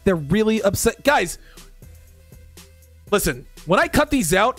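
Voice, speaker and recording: A man's voice: sits high, big pitch swings, a little slow, vocal fry, long pauses, fairly bright tone, no room sound, faint music behind. A man hosting a dating commentary show, ranting in exasperation at viewer comments with profane sarcasm.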